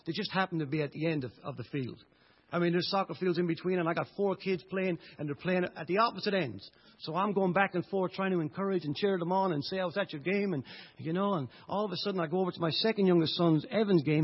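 A middle-aged Irish man preaching a sermon with passion, swinging between loud outbursts and hushed moments. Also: a little high, husky. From Ireland. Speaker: pastor. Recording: dull lo-fi recording.

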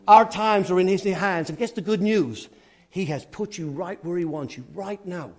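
High-voiced Irish preacher, animated. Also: male voice, moderate pace. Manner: animated storytelling, swinging from loud and excited to hushed and earnest. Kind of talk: sermon.

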